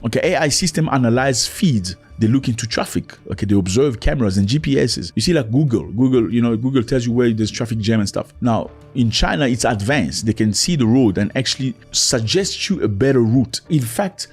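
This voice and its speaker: A man's voice: mid-range voice, expressive, fairly quick, hardly any pauses, darkish tone, breathy edge, soft background music. A man giving an opinionated commentary, preachy and emphatic, repeating his points and calling the listener "my brother".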